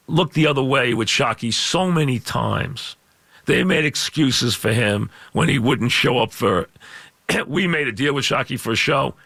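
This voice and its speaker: A new sports radio host with a gravelly, scratchy, medium-pitched male voice rants on a call-in talk show, loud and emphatic and repeating his points. It's a dry, studio-quality recording made on a studio microphone.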